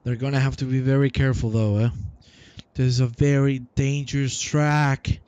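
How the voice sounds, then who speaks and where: A man giving live sim racing commentary, teasing and cheering the drivers on in an excited, hyped way. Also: medium pitch, normal speed, clear, resonant tone, no room sound, dull audio.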